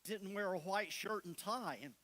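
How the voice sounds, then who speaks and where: A man preaching a sermon, deliberate and repeating phrases for emphasis as he retells scripture in plain everyday words. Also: high voice, fairly bright tone. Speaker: pastor.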